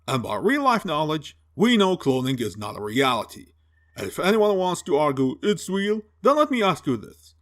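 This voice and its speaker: A man's voice: on the high side, very animated, normal speed. A man giving a sarcastic, profane film review rant, mocking and exasperated as he picks apart the plot. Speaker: movie reviewer.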